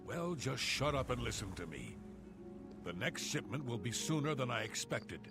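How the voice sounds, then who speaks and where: An actor voicing a gruff, impatient male smuggler who talks in curt, bossy orders. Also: mid-range voice, big pitch swings, moderate pace, music in the background. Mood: curt, menacing.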